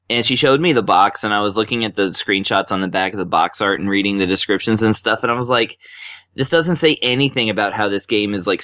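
A man's voice: lowish voice, a bit bright, dry recording, muffled recording. A man chatting as a podcast guest, rambling with lots of ums and uhs. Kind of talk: casual chat.

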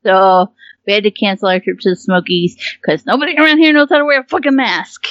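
A woman's voice: mid-range voice, fairly quick, a bit bright, dry recording. A woman talks in a loose, chatty way, laughing easily and slipping into voices when she quotes people. Her audio sounds a bit muffled and dry, like a home setup. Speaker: podcast co-host. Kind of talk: casual chat.

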